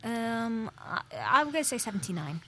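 Bright-voiced Scouse woman, chatty. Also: fairly high pitch, sing-song, normal speed, dry recording. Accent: Liverpool (Scouse). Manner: chatty, self-mocking storyteller. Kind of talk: casual group chat.

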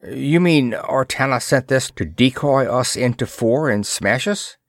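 A man's voice: medium pitch, animated, unhurried, no echo, clean studio sound, voice pushed up. A man voicing a placid, loyal male officer who speaks earnestly and cautiously. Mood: worried.

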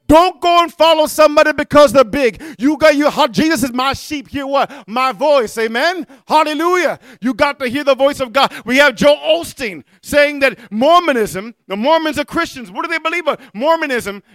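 A man preaching a fiery sermon, breaking into shouts and tossing out "amen?" to the congregation. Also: very high-pitched, moderate pace, hardly any pauses, no room sound, clean studio sound. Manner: emphatic, punctuates with "amen?" and shouts.

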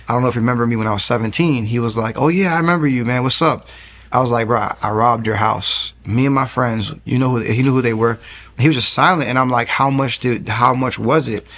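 Here a young man recounts his experience in an interview, earnest and story-driven, voicing what people told him as quoted dialogue. He talks fast, at a medium pitch, with a fairly bright tone.

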